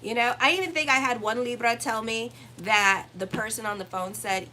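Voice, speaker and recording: A woman's voice: mid-range voice, lively intonation, normal speed, hardly any pauses, bright, forceful tone, slight background noise, poor audio. A woman astrologer giving a casual weekly horoscope reading, blunt and profane, teasing her listeners. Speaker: astrologer and tarot reader.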